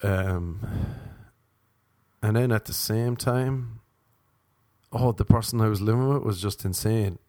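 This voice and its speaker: An Irish man with a cold, hosting a podcast and telling a rambling comic story with sarcastic, deadpan asides. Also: on the low side, slow pace, pauses often, dry recording, studio quality. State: sniffly with a cold.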